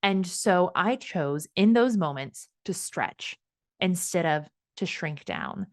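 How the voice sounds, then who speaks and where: A woman in her thirties hosting a solo podcast, telling personal stories in a candid, animated way with laughs and some swearing. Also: fairly low pitch, slow pace, no echo, clean studio sound. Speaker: podcast host.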